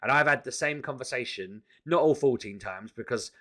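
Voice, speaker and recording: A man venting in a casual vlog to camera, exasperated and animated, often restarting his sentences. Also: mid-range voice, normal speed. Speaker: vlogger.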